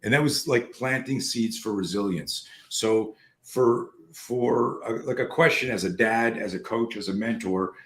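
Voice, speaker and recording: A man with a lowish voice hosts a podcast over a video call. He tells stories in a loose, lively way, acts out the dialogue and curses without a second thought. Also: a little slow. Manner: animated, swears freely, acts out dialogue. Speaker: podcast host. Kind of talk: casual storytelling chat.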